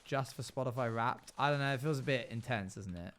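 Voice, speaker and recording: A man's voice: mid-range voice, brisk, fairly bright tone, a little hiss or hum. A male live streamer chatting casually and playfully, often humming and scatting between remarks. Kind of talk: casual chat while gaming on stream.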